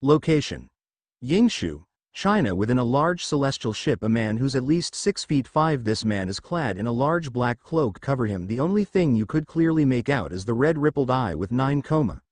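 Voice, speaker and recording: Man narrating, lively pitch. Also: moderate pace, no echo. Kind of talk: scripted fan-fiction narration.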